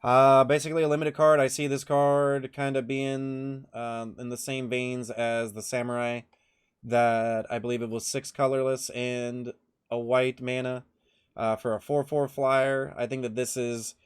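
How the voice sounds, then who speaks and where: A man's voice: mid-range voice, level tone, a little slow, clean tone. A man hosting a card game set review, talking in a friendly, promotional way. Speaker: host.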